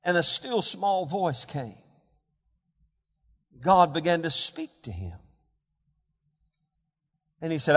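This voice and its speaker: A man preaching a sermon as a pastor, swinging between hushed, quiet passages and louder emphatic ones. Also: a little high, big pitch swings, takes it slowly, pauses often, long reverb tail. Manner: dynamic preaching, dropping to hushed tones and rising for emphasis.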